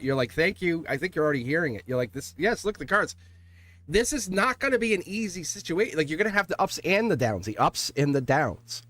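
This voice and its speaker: A man giving a live-stream tarot reading, chatty and laughing, speaking straight to his viewers. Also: a little high. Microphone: desk mic. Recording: faint music behind the voice. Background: soft background music.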